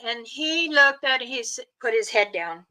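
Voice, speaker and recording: A woman's voice: a little high, animated, measured pace, sharp tone, poor audio. An older woman from Montana telling family stories on her channel in a rambling way, with chuckles. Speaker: storyteller, channel host. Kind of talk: casual storytelling.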